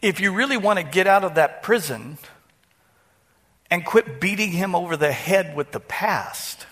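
A preacher with a high voice talks straight to his congregation. His tone is bright and cutting, and he stumbles and repeats words as he pushes his point. It is a church sermon in a casual, talking-with-you manner. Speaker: pastor.

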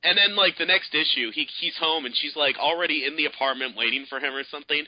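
Sex: man. Role: podcast co-host. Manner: rambling, animated, filler-heavy. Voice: a bit high. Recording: dry, slightly dull. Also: quick pace, dry recording. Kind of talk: casual chat.

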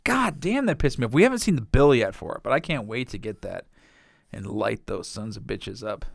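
Animated, profane man telling stories. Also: mid-range voice, a little fast, gravelly, dry recording, studio quality. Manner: profane, animated storytelling with frequent laughs. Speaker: podcast co-host. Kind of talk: casual podcast chat.

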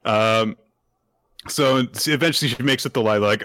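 A man's voice: fairly low pitch, expressive, normal speed, pushed and bright, no echo. A man co-hosting a podcast, chatting casually as he recaps manga chapters, with frequent restarts and laughs. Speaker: podcast co-host.

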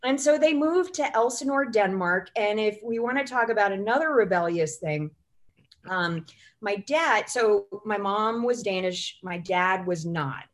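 A woman's voice: mid-range voice, animated, unhurried. A woman, a writer and goals coach, talking as a podcast guest and telling long, chatty stories full of "you know" and "like". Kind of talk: casual interview chat.

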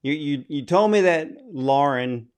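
A man's voice: fairly high pitch, lively intonation, slow pace, clean tone. A man interviewing a film director, effusive and admiring in his questions. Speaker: interviewer, host.

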